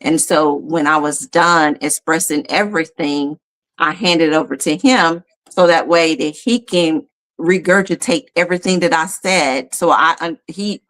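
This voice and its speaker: Lively woman podcast host. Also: normal speed. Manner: animated, storytelling, rises high when quoting herself. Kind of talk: casual podcast chat.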